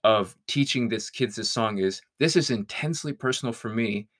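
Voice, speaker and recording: A man's voice: mid-range voice, normal speed, fairly bright tone. A man talking as a guest in a conversation, thoughtful and searching, sometimes laughing. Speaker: guest songwriter. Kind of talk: reflective conversation.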